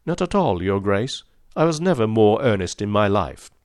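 A man's voice: on the low side, big pitch swings, normal speed, a little mellow, dry recording. Man reading as a cool, unyielding male sleuth, precise and insistent, dry close sound. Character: cold, inexorable male detective.

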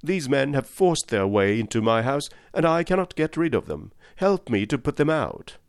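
A man reading aloud and voicing a blustering, mocking middle-aged male villain, pitched above his own voice. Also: sing-song, normal speed, smooth, no room sound, clean studio sound. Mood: indignant. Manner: sneering and mocking.

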